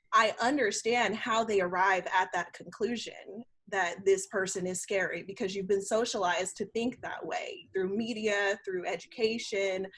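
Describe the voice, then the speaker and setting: A young woman lays out a structural argument on a discussion panel, drawing on research. Her voice is husky and sits in a middle range. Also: medium pitch, a bit bright. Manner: analytical, cites research.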